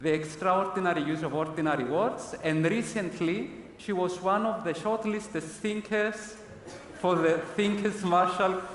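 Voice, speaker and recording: A man's voice: high-pitched, unhurried, fairly bright tone. A man hosting a conference, introducing the next speaker with a light joke. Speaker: conference host. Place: large conference hall. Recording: distant, echoey hall pickup.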